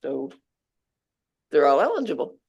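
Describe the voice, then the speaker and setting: A meeting member gives a brief, matter-of-fact report on word usage at a middle pitch. The delivery is plain. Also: huge pitch swings, unhurried, creaky, slightly rough.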